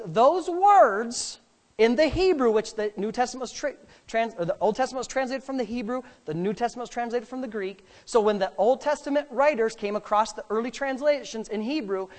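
A male pastor preaching a sermon to a congregation, joking with them and breaking in with hallelujahs. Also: very high voice. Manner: animated, jokes with the congregation; punctuates with hallelujah and praise God. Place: church before a congregation.

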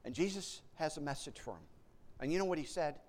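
A man preaching a sermon, animated, often restarting words and acting out panicked voices as he tells a story. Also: on the high side, quick pace.

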